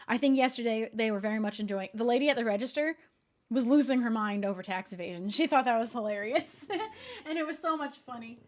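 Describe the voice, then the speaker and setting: Chatty young woman streamer, laughing often. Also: on the high side. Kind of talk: casual chat.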